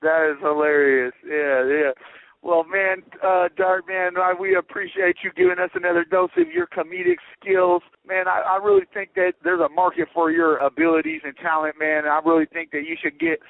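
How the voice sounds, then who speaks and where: A man's voice: high voice, very animated, normal speed, gravelly, no room sound, narrow, tinny audio. A man co-hosting a casual interview, laughing often and reacting with enthusiasm. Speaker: podcast co-host.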